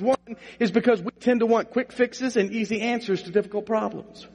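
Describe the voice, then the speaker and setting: Brief: middle-aged male pastor, high husky voice, humorous folksy sermon delivery. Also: fast, few pauses. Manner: folksy, humorous storytelling, rising to preaching emphasis. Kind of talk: sermon with storytelling. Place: church sanctuary. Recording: long reverb of a church hall.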